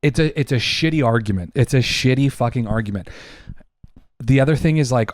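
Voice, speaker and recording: A man's voice: mid-range voice, brisk, a little mellow, no room sound, clean studio sound. A man co-hosting a casual podcast, arguing heatedly and emphatically, with lots of swearing. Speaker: podcast co-host.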